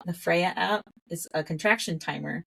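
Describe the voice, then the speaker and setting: A woman's voice: lowish voice, moderate pace, gravelly, slightly rough. A woman guest on a podcast telling a story in casual conversation, laughing often and acting out what she said back then. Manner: animated, laughs often, acts out her own past words.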